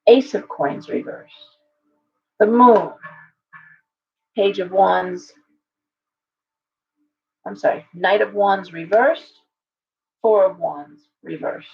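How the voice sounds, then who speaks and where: A woman's voice: medium pitch, slow, vocal fry, long pauses. A woman hosting a casual live-stream tarot reading. She talks it through aloud with chatty restarts and greets viewers by name. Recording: dull lo-fi stream audio.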